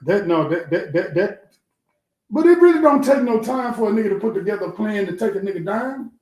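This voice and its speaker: Animated man talking in an echoey room. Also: high-pitched, fairly quick. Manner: animated storytelling, repeats words, heavy cursing. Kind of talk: casual street talk.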